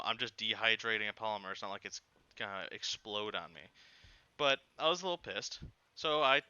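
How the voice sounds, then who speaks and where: Retelling a personal story that clearly irritates him, a young gaming channel host rambles in an animated, exasperated way, packing in fillers. His pitch is fairly low and his tone clean, with no room sound but a lo-fi quality overall.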